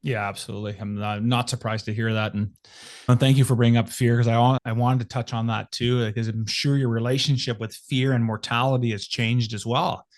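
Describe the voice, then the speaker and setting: Male podcast host, mid-range pitch, affirming interviewer. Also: little pitch movement, a little fast. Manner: affirming, encouraging. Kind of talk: interview conversation.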